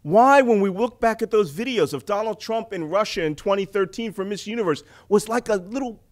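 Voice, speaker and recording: A middle-aged man from the United States giving an animated public talk on intelligence, full of rhetorical questions and jokes. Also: high voice. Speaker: speaker on intelligence.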